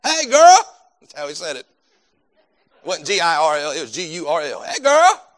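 A male preacher delivering a sermon, speaking in a fairly high register. His voice is bright and forceful. He preaches with fervent emphasis and repeats words as he builds toward his points. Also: fairly quick.

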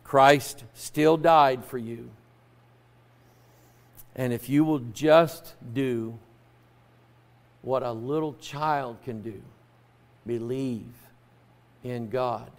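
A man preaching a sermon as pastor, at times raising his voice and at times speaking softly and personally. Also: mid-range voice, extremely slow, long pauses. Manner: preaching loudly then dropping to a soft, personal tone.

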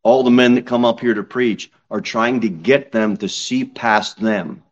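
Man, pastor preaching from a church pulpit, slow emphatic stresses, sudden loud peaks, mid-pitched voice, dull lo-fi sound. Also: expressive. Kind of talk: sermon.

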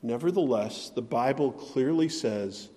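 A man preaching a sermon as pastor, measured and deliberate, dropping to quiet phrases and rising to emphatic ones. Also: medium pitch, in a large hall.

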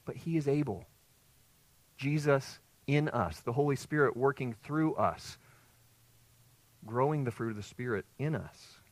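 A man's voice: mid-range voice, unhurried, long pauses, dry recording. A male pastor preaching an expository sermon, emphatic and putting rhetorical questions to his congregation.

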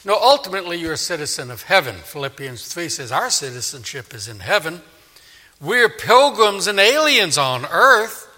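A man's voice: fairly high pitch, sing-song, moderate pace, bright, forceful tone. A man preaching an expository sermon, dramatically acting out the voices of God and the people. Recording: echoey hall with long reverb.

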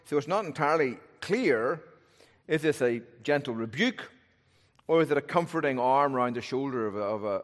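A male pastor preaching an expository sermon in a thoughtful, conversational way, often posing rhetorical questions. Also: mid-range voice. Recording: long reverb of a large hall.

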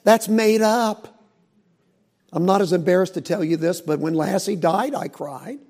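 A middle-aged man, a pastor, preaching in a folksy, animated storytelling way with asides. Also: high-pitched, measured pace. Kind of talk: sermon.

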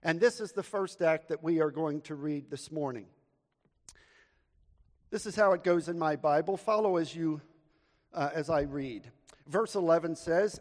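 A man's voice: fairly high pitch, measured pace, long pauses. A man, a pastor who prays earnestly and then tells a humorous story to his congregation in a sermon. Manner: earnest, storytelling with audience call-and-response. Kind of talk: sermon with prayer and humorous anecdote. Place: church sanctuary. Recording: long church hall reverb.

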